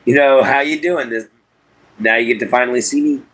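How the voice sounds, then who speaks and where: A man's voice: medium pitch, fairly quick, a bit bright, poor audio. Folksy man chatting on a livestream. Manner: folksy, drawling, reads chat aloud. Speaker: livestream host. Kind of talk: casual livestream chat. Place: inside an RV.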